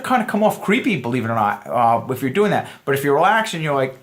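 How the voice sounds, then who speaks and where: A man's voice: mid-range voice, very animated, a little fast. A young man teaching a casual dating lesson in a chatty, joking way, full of fillers and asides. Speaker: dating coach.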